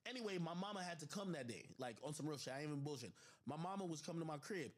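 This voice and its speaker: A man on a livestream telling a personal story in an animated, profane way, addressing his viewers with lots of asides. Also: a little high, rapid-fire. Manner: animated and profane, with constant "I'm like" asides to the audience. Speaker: livestream host.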